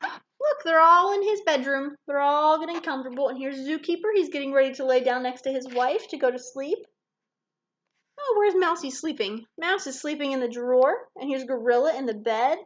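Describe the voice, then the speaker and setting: A woman reading a picture book aloud to a child, animated and pointing things out with little gasps. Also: high-pitched, brisk, dull audio. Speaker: storybook reader.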